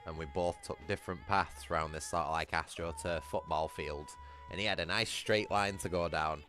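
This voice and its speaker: A man's voice: deep voice, steady tone, moderate pace, sharp tone, soft background music. A man, chatting casually with his livestream viewers, rambling, swearing freely and laughing often. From Britain. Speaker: gaming livestreamer.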